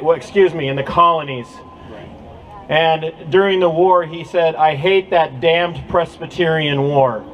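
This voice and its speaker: A man's voice: on the high side, low-quality recording. A man giving an impassioned speech to a crowd at an outdoor rally, with a preacher-like cadence. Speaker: rally speaker.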